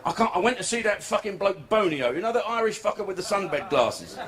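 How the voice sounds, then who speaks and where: A man with a high voice and big pitch swings talks fairly quickly as he delivers a crude, swearing stand-up set in a club. His storytelling is brash and foul-mouthed, performed on a comedy club stage before a laughing audience. It's a live club recording, full of crowd noise.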